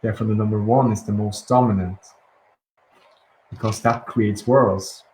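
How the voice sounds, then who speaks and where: A man leading a guided breathing and affirmation session, speaking softly and slowly with calm pauses and restarts. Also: lowish voice. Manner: soft, slow and gentle, with calm pauses and restarts. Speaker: guided release teacher. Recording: echoey room with faint ambient noise.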